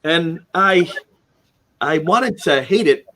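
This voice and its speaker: A man's voice: a little high, slow, slight background noise. A man telling a personal story as an interview guest, acting out quoted lines with sudden jumps in voice and frequent restarts. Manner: animated storyteller, acts out quotes, many restarts.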